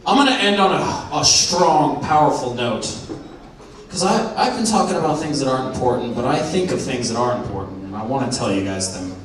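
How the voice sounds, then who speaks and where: A man's voice: medium pitch, animated, brisk. A nineteen-year-old man from Arizona doing a rambling, self-mocking stand-up set in a comedy club, recorded by a far-off camera. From Arizona, USA. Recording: far-off echoey club with crowd and noise.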